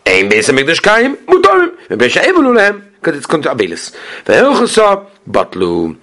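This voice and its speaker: Man, Talmud class, lively swooping intonation, slightly high voice, reads text then explains. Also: quick pace. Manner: chants Aramaic text then explains in English, questions and answers himself. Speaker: Talmud teacher.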